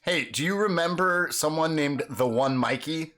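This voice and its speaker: A man hosting a live stream, teasing and excitably pushing a chatbot with requests. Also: on the high side, normal speed. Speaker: livestream host. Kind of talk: casual live-stream chat.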